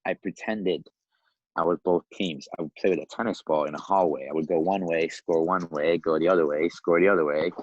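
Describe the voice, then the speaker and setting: A man in his fifties from Iran, a podcast guest telling his life story in a lively, animated way, often laughing and acting out the voices of other people. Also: low-pitched, brisk, no room sound, lo-fi sound. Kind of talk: casual storytelling.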